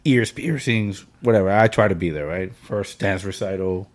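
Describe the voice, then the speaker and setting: A man's voice: low voice, moderate pace. Man telling a heartfelt personal story, slangy. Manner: emotional storytelling, frequent filler and slang. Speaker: podcast host. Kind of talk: casual chat among friends.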